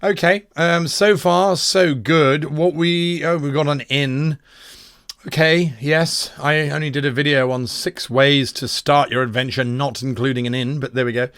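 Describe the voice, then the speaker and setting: Guy gm going through adventure submissions, quick and wry, a bit facetious. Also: fairly high pitch, steady tone, fairly bright tone, clean tone. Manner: quick, wry, self-mocking. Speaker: game master giving a workshop. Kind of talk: casual critique of adventure submissions.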